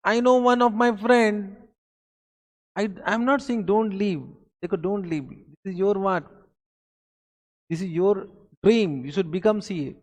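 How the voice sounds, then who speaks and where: Indian english teacher guy, highish voice, motivational lecture w lots of "am i right or not", long reverb on it. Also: unhurried, pauses often, a little mellow. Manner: pep talk full of rhetorical questions and repetition. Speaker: accountancy exam lecturer. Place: classroom.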